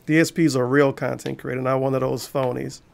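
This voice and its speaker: A man's voice: mid-range voice, flat delivery, a little fast, vocal fry, darkish tone. A man commenting over a stream with mocking, sarcastic asides.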